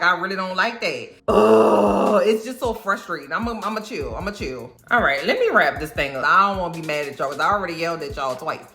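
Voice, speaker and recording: Animated woman ranting in a reaction vlog. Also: medium pitch. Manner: animated, emphatic ranting with slang. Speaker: reaction video host. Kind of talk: casual reaction commentary.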